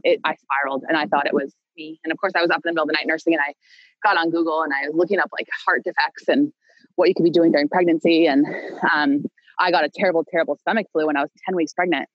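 A woman's voice: deep voice, no room sound, muffled recording. Young woman telling a rambling story. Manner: rambling, many fillers and restarts, laughs now and then. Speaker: podcast guest. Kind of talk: casual conversational storytelling.

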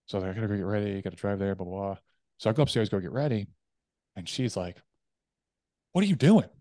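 A man's voice: lowish voice, rapid-fire, dry recording, clean studio sound. A man guest on a podcast, telling a personal story candidly and acting out the voices of others. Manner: candid, animated retelling with acted quotes.

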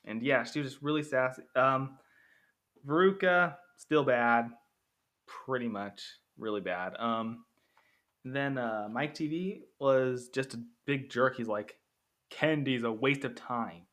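A man talks through a casual podcast monologue, rambling with plenty of ums and uhs and slipping into quoted lines. His voice is bright and forward, with a middling pitch. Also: slow pace. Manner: rambling, with many fillers, acting out quotes. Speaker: podcast host. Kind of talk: casual movie comparison monologue.

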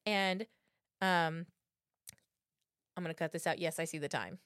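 A woman's voice: lowish voice, measured pace, clear, resonant tone, no room sound, studio quality. A woman in her thirties, co-hosting a podcast, telling stories in casual chat, swearing freely and acting out what people said. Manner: profane, animated storytelling with acted-out quotes. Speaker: podcast co-host.

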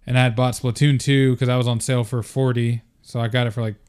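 A man's voice: mid-range voice, level tone, quick pace, darkish tone, smooth. A young man co-hosting a podcast, chatting casually in a laid-back, joking way with a lot of swearing. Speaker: podcast co-host. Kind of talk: casual chat.

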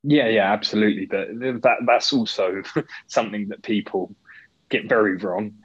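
A man, co-hosting a podcast in laid-back, sweary casual chat, quick to laugh. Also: fairly low pitch, fairly even intonation, slightly rough, dull audio. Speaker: podcast co-host.

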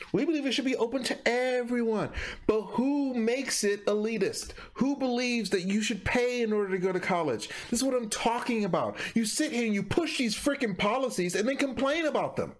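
Exasperated man ranting in reaction commentary. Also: high voice. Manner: exasperated, mocking, rambling with stumbles. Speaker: political commentator reacting to a clip.

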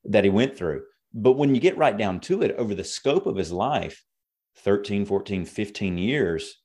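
A man's voice: on the low side, darkish tone. A man who pastors a church, talking faith in an earnest, preaching way and quoting scripture in conversation. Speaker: pastor and co-host. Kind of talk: conversational ministry talk.

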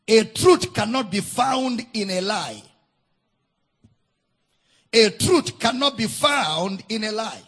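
A man preaching with a very high, husky voice that rises into shouts and sung phrases. He talks slowly and pulls words out long, and his pitch swings widely from line to line. He repeats key phrases over and over for emphasis. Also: expressive. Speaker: pastor. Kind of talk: sermon. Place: church service.

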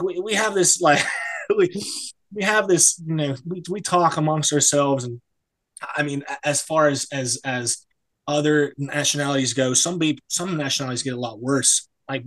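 A man's voice: mid-range voice, moderate pace, a bit bright, low-quality recording. A young American man, a serving legionnaire, talking casually and bluntly with lots of fillers and swearing. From United States. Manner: blunt, profane, rambling with many fillers. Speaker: serving Foreign Legionnaire, guest. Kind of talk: casual podcast interview.

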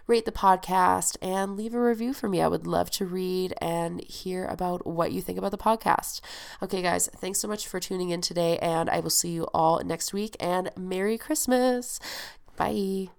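A woman's voice: lowish voice, moderate pace, creaky, clean tone. A woman hosting a podcast with a stuffed-up, nasal voice, talking in a chatty, emphatic, motivational way. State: stuffed-up nose. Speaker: podcast host. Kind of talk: casual solo podcast monologue.

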